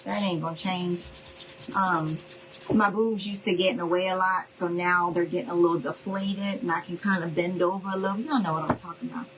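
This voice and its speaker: A woman's voice: on the low side, fairly even intonation, fairly quick, a bit bright, a little hiss or hum, low-quality recording. A middle-aged woman, chatting casually and folksily to her viewers while she does a craft project at home. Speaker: craft video host. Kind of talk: casual livestream crafting chat.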